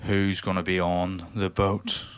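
A man's voice: low voice, flat delivery, unhurried, smooth. A man with a Northern Irish accent doing a stand-up comedy set, punchy and teasing the audience. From Northern Ireland.

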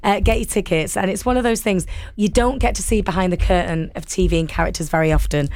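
A woman hosts a casual interview in an upbeat, encouraging way. She pitches her questions warmly toward her guest and plugs the event with enthusiasm. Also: fairly even intonation, fast, no echo. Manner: upbeat, encouraging, laughs along. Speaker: radio host.

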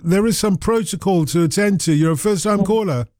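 Brief: male phone-in host, joking and meandering, slightly high voice, close dry studio sound. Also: a little fast, darkish tone, dry recording. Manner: rambling, jokey, self-deprecating. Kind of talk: casual live radio banter. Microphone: studio microphone.

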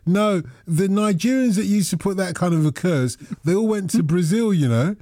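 A man's voice: sits high, lively intonation, moderate pace, warm tone, dry recording, studio quality. A man hosting a radio phone-in, joking and teasing his callers in a casual chat. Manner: jokey, teasing, puts on voices.

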